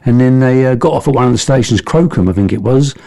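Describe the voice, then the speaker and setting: A man's voice: mid-range voice, quick pace, gravelly, mellow. A man co-hosting a podcast, telling local history in a rambling, self-correcting way. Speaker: podcast co-host. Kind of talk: casual chat.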